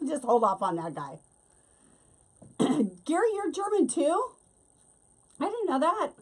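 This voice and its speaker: A woman's voice: on the high side, sing-song, measured pace, pauses often, husky. A middle-aged woman hosting a casual craft tutorial, chatting and laughing as she works. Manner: chatty, laughs often, talks while working. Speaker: wreath-making host.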